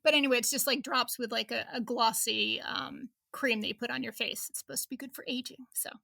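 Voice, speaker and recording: A woman's voice: on the high side, steady tone, fairly quick, gravelly, bright, forceful tone, dry recording, clean studio sound. A woman in her fifties, a reporter chatting as an interview guest, laughing often and restarting her sentences. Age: 50s. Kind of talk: casual interview chat.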